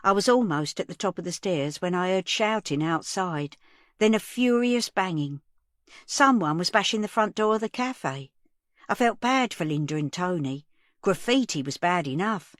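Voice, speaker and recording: Low-voiced woman narrating. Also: expressive, normal speed, no echo, studio quality. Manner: plain storytelling. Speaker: audiobook narrator. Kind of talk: first-person audiobook narration.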